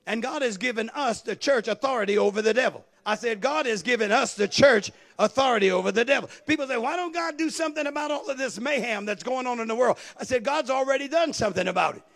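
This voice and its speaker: High-voiced preacher calling to his congregation. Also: fast talker, gravelly, few pauses. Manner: call-and-response preaching, rising to shouts. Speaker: pastor. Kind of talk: sermon.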